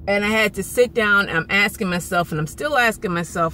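Frustrated woman venting, bright voice. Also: mid-range voice, fairly quick, a little hiss or hum. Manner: frustrated, rambling, repeats herself. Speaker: vlogger. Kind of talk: emotional venting vlog.

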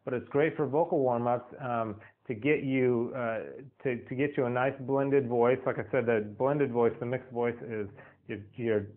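A man's voice: medium pitch, steady tone, normal speed. A man talks through a singing lesson in a loose, rambling way, doubling back on his words and filling gaps with ums. His voice sits in an ordinary middle register. The sound is narrow and tinny, like a phone line. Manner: rambling, repeats words, many fillers. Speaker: singing teacher. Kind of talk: casual spoken vocal lesson.

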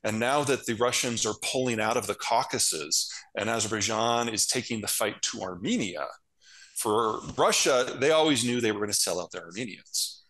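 A man's voice: on the low side, normal speed, a bit bright, rough recording. A man giving blunt, matter-of-fact analysis as an interview guest. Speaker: geopolitical strategist guest.

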